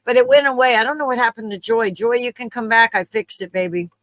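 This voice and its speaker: A woman's voice: fairly high pitch, steady tone, quick pace, fairly bright tone, no echo, poor audio. A woman hosting a live stream, chatting casually and a little flustered as she talks straight to her viewers. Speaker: livestream host.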